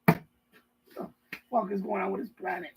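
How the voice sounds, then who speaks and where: A man's voice: sits high, level tone, normal speed, vocal fry, very noisy. A man hosting a live stream from his basement, ranting casually with profanity and lots of repetition, riffing in mock voices. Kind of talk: rambling casual rant. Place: basement room.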